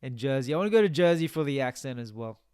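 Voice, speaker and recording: Chatty man streaming with a clear voice. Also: medium pitch, animated, quick pace, darkish tone, no echo, studio quality. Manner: chatty, reads viewer comments aloud, muses to himself. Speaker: game streamer. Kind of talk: casual live-stream chat.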